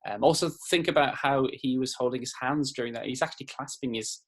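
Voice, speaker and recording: A man's voice: mid-range voice, a little fast. Guy teaching a kids writing lesson, friendly, lots of ums, mid voice. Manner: friendly, explanatory, many fillers. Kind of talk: classroom lesson video.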